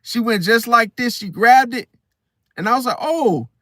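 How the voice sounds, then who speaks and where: Animated, slangy man telling stories. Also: very high-pitched, moderate pace, dry recording, studio quality. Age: adult, once married. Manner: slangy, rambling, animated storyteller. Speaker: astrology channel host. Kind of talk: casual storytelling monologue.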